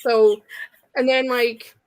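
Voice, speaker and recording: A woman's voice: fairly high pitch, level tone, takes it slowly, crowd noise. A woman from British Columbia with a Canadian accent, chatting casually and rambling on. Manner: rambling, chatty, self-deprecating. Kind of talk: casual chat.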